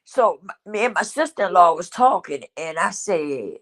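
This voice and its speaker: A woman's voice: lowish voice, lively intonation, moderate pace. A middle-aged woman hosting her own show, telling a personal story in an emotional, repetitive way and speaking straight to her listeners. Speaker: host.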